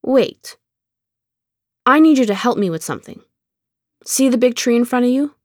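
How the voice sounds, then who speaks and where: A woman's voice: a little high, animated, normal speed, no echo, pitched above the performer's own voice, lightly acted. A woman reading aloud and voicing a cheeky, persuasive young neighbor boy who coaxes and teases. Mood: coaxing. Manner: coaxing, pleading, teasing. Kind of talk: audiobook character reading.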